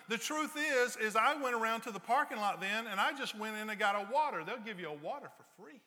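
A man's voice: sits high, expressive, a little fast, hardly any pauses, sharp tone, big-room sound. A man preaching a conversational sermon as a pastor, telling everyday stories with playful sarcasm. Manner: joking storyteller, playful sarcasm.

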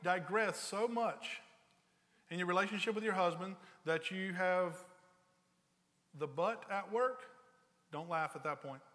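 A man preaching a sermon, telling stories with rising energy and then dropping low and slow for serious points. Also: in a large hall. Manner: storytelling, builds loud and high for anecdotes, drops low and slow for serious points. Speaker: pastor.

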